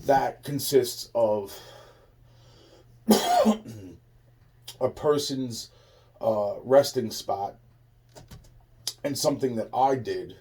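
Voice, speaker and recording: A man's voice: medium pitch, extremely slow, pauses often, dark tone. Rambling, profane man, far from mic. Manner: profane, rambling, restarts often. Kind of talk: rambling monologue.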